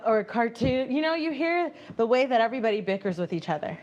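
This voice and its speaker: Animated woman chatting on a treadmill. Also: a little high, a little fast. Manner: animated, laughing, reads viewer messages aloud and answers them. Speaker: livestream host reading chat. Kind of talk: casual live-stream chat while walking on a treadmill. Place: home, indoors on a treadmill.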